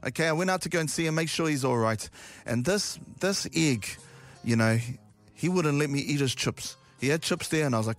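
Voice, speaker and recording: A young man with a New Zealand accent hosting a casual morning radio show, joking and swearing, with loud hyped-up openings. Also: a little high, brisk, soft background music. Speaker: radio host.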